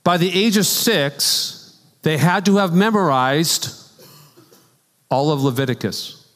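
A man with a fairly high voice speaks slowly, preaching a conversational sermon as a pastor in a church sanctuary. He tells stories in an animated way, tossing in casual asides and laughs. The recording carries the long reverb of a church hall.

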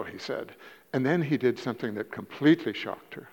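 A man preaching a sermon in a church, telling stories in a halting way, repeating words and rising in pitch for emphasis. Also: expressive, gravelly. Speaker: guest preacher. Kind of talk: sermon with storytelling. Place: church sanctuary. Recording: dull lo-fi church recording with long reverb.

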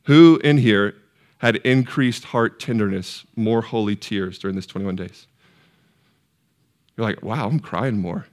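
A man preaching a sermon in a church, putting questions to the congregation and swinging from hushed, tender lines to loud, soaring peaks. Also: fairly low pitch, measured pace, long pauses. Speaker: pastor. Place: church sanctuary.

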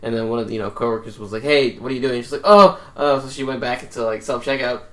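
A man's voice: mid-range voice, fast. Swearing young man telling a story. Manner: laughs often, swears, mimics people in stories. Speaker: podcast co-host. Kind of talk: casual chat.

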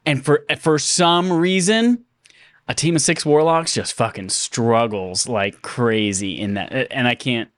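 A man's voice: mid-range voice, unhurried, dry recording. A man co-hosting a podcast, chatting casually and laughing often. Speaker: podcast co-host. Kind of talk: casual chat.

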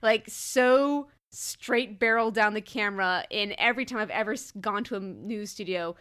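A woman co-hosting a casual chat, gushing and animated, and she swears freely. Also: mid-range voice, normal speed.

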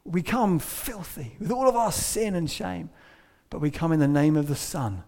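Guy giving a sermon, slightly high voice, goes quiet then punchy. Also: very animated, moderate pace. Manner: storytelling, shifting between hushed and emphatic. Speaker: preacher.

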